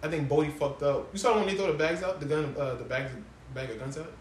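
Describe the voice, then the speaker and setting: A man talks fast and loose, cursing freely as he chats with a friend about TV shows. His voice sits a bit high. The room is echoey and has a faint background hum. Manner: fast, slangy, swears freely. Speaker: podcast co-host. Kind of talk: casual chat about TV shows.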